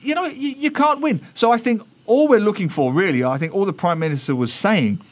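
Animated high-voiced English man. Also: brisk. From England. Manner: animated, satirical, mimics voices. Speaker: columnist guest. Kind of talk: radio interview.

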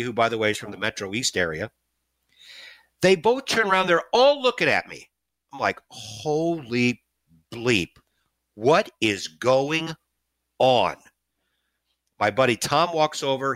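Middle-aged male storyteller, lively and bright, dry close sound. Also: dry recording. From St. Louis area, USA. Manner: animated, self-mocking, jumps high when excited. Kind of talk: casual personal storytelling.

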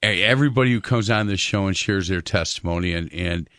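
Earnest low-voiced male radio host. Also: a little fast, fairly bright tone, no room sound, clean studio sound. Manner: earnest, repeats words, many "uh"s. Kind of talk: radio talk show hosting.

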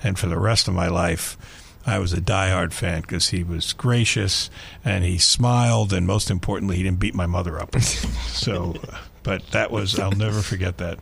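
A man in his sixties, a sports talk radio host, telling a story with lively energy and frequent laughter in a studio. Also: deep voice, moderate pace, gravelly, breathy edge.

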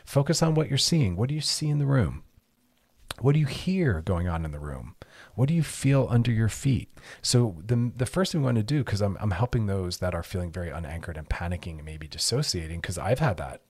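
A man with a low, slightly husky voice hosts an advice podcast. He talks earnestly and directly, pressing his points with strings of short commands. His delivery feels like a steady coaching monologue. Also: a little fast. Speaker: advice show host.

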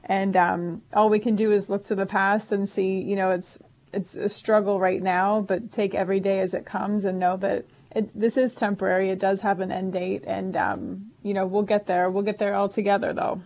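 A woman's voice: mid-range voice, flat delivery, moderate pace, darkish tone. A woman co-hosts a call-in advice show, talking earnestly to reassure parents and callers. She circles back and restarts her phrases as she works through her thoughts. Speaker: co-host. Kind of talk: casual advice talk.

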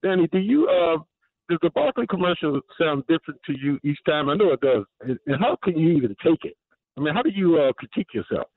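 A man calling into a radio show, loud and teasing as he asks his question. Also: on the high side, big pitch swings, fast talker. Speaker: caller. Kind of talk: call-in question. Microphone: phone line. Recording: tinny phone line.

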